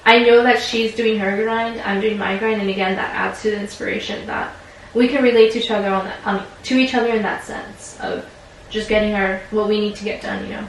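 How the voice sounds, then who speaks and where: A woman's voice: mid-range voice, steady tone, fairly quick. A woman in her twenties, speaking as a client in a counseling session, reflective and hesitant with many fillers. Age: 20s. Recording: very echoey room, distant mic, faint noise.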